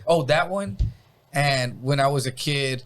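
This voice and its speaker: A man's voice: mid-range voice, measured pace. A man casually telling a story on a podcast, swearing freely and acting out sounds. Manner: profane, animated, acts out sounds. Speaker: podcast guest.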